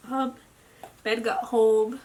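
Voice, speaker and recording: A tired young woman speaking a personal video diary at home into her camera. She talks haltingly, with lots of "like," and often drops into a near whisper. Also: a little high, level tone. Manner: slow, halting, with frequent "like" fillers and soft, near-whispered stretches. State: tired and drained. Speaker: vlogger. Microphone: camera mic.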